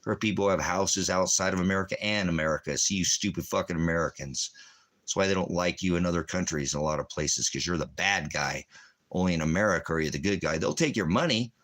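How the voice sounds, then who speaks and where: A man's voice: low voice, quick pace, fairly bright tone. A man, a military veteran, delivering an angry, profane, rambling rant. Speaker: veteran ranting.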